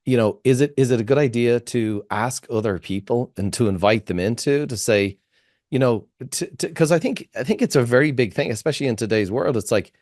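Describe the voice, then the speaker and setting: A man's voice: fairly low pitch, a little mellow, no room sound, studio quality. An Irish man hosting an interview, asking long, searching questions full of restarts and fillers. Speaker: podcast host. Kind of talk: interview conversation.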